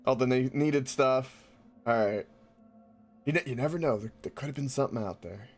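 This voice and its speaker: A man's voice: mid-range voice, moderate pace, slightly rough, faint music behind. A man playing a tabletop game, animatedly narrating his character's actions and laughing with the group. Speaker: player.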